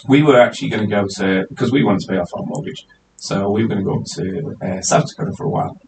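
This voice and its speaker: A man hosting a casual podcast, teasing his guests and jumping up high when excited. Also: fast, gravelly. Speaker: podcast host. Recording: distant mic, faint hiss.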